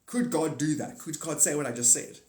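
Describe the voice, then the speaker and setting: A man's voice: on the high side, a little fast, darkish tone. A man hosting a livestream, rambling through a monologue and answering chat comments aloud. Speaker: livestream host. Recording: echoey room.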